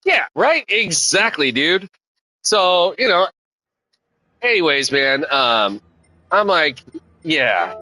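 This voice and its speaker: A man's voice: a little high, big pitch swings, slow pace, long pauses, bright, forceful tone, low-quality recording. A man streaming a sim race, rambling in casual, profane, slang-heavy commentary. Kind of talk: casual commentary while racing.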